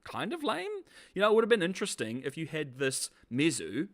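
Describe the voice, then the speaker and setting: A man reviewing a show in loose, chatty commentary, sarcastic and quick to laugh. His voice sits on the higher side and jumps around lively as he mocks what he watched. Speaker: video reviewer. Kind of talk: casual commentary.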